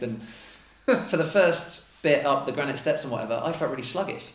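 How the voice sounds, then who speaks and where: A man's voice: mid-range voice, fast, few pauses. A man talking casually as a podcast guest, chatty and fond of acting out little quoted exchanges. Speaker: podcast guest, elite mountain runner. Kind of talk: casual conversation. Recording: roomy echo.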